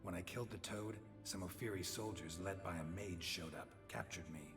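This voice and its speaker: An actor playing a gruff, weary, middle-aged male witcher in a video game, calm and low-spoken. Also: moderate pace. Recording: game audio with music behind.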